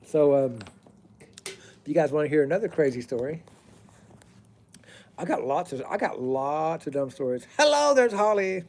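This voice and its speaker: A middle-aged man with a fairly high voice spins a rambling, casual story outdoors by a fire. He drifts off track to say hello to viewers and then picks the thread back up. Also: moderate pace, pauses often, warm tone. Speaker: plumber telling stories on a live stream.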